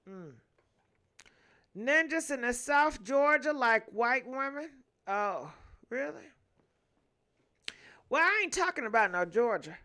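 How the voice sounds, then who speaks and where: A young woman, chatting loosely on a gossip livestream. Her voice sits high and rings bright. She laughs a lot and hums between viewer comments. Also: big pitch swings, slow pace, pauses often. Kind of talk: casual livestream chat reading viewer comments.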